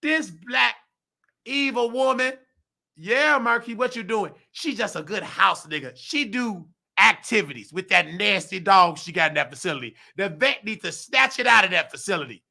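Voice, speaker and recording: Gravelly high-voiced man ranting hotly. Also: lively intonation, moderate pace, bright, forceful tone. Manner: heated, preachy, slangy ranting; mimics other people's voices in quotes. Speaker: host; nursing assistant. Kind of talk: ranting vlog monologue.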